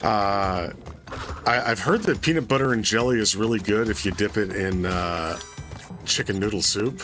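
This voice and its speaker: A man's voice: lowish voice, normal speed. A man streaming a platform game, chatting casually while he plays. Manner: relaxed, chatty, swears when he fails. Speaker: gameplay streamer. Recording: livestream with game music behind. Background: game music.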